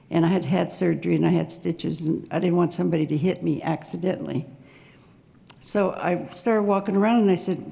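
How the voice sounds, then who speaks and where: A woman in her sixties telling her own story on stage at a live storytelling night, nervous and halting, with small laughs. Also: fairly low pitch, gravelly, dark tone, big-room sound.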